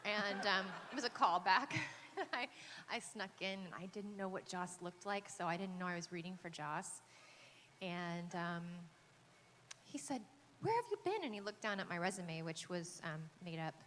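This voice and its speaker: In an echoey convention hall with faint background noise, a woman from Texas, an actress on a panel, shares a casual story. Her voice sits on the low side, steady in tone, pushed and bright, at a moderate pace. She hesitates a lot, using many fillers and restarts and laughing frequently.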